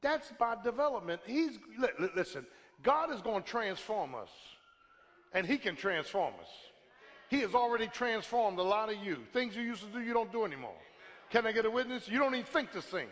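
Preacher man with a real high bright voice, swings up and down a lot, long reverb. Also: very animated, brisk. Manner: call-and-response preaching, asks for a witness; builds to shouts, then drops to a hush. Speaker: pastor. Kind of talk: sermon. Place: church sanctuary. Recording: long reverb from a large hall.

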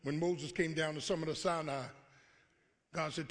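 A pastor preaching a call-and-response sermon, acting out God's voice and rising to shouts. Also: male voice, a little high, steady tone, normal speed. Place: church sanctuary. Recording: live church hall with long reverb.

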